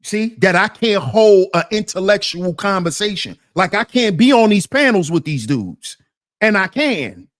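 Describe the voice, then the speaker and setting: A commentary channel host runs a reaction stream, indignantly tearing apart a debate clip and throwing rhetorical questions at his chat. His voice sits high and a bit bright, expressive and a little slow.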